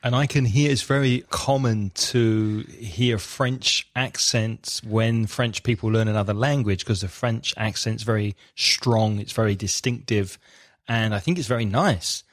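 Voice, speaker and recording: A man co-hosting a podcast who talks in a friendly, measured, clearly enunciated way. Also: lowish voice, no echo, studio quality. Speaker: podcast co-host. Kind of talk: conversational podcast chat.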